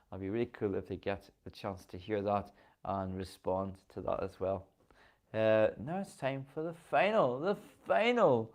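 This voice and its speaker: Man, Northern Irish accent, low-pitched, casual host chat, keen, filler-heavy. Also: a little mellow. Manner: enthusiastic and chatty, with frequent ums.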